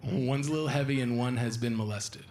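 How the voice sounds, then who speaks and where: A man's voice: medium pitch, brisk. A young man doing a stand-up set on a small club stage, with chatty, self-deprecating storytelling into a handheld mic. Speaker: stand-up comedian. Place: small comedy club stage, live audience. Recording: live club recording with audience noise.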